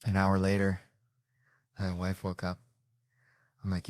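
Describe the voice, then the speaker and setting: A man doing stand-up, telling a crude, animated story full of swearing. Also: low-pitched, unhurried, no room sound, clean studio sound. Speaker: comedian.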